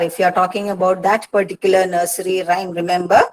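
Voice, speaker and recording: A woman with an Indian English accent giving a patient lecture to students, often pausing with "uh" and "see" and repeating key points. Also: lowish voice, little pitch movement, low-quality recording. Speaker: English literature teacher. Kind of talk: online lecture on poetic meter.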